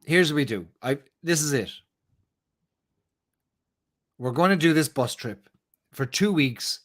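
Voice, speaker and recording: A man's voice: on the high side, expressive, unhurried. A man in late-night casual chat, enthusiastic and repeating his points for emphasis. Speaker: co-host.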